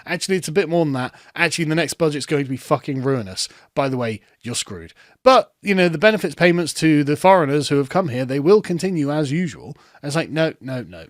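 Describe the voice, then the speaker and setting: A man's voice: a little high, animated, fast, no echo, studio quality. A man hosting reaction commentary, ranting with sarcastic, profane mockery. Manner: sarcastic, profane, mocking, breaks into laughter. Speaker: commentary host.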